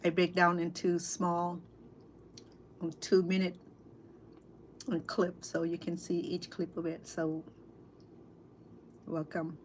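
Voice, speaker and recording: A middle-aged woman with a Cambodian accent, chatting casually with livestream viewers over dinner at home, halting, full of fillers and restarts. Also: on the low side, completely flat delivery, a little hiss or hum. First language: Khmer. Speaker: cooking vlogger and interpreter. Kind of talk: casual livestream chat while eating.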